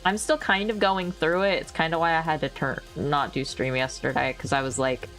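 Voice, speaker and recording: A woman's voice: low-pitched, fairly even intonation, fairly quick, a bit bright, faint music behind. A woman livestreaming casual chat, rambling, laughing often and swearing freely into a new microphone. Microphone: new desk microphone.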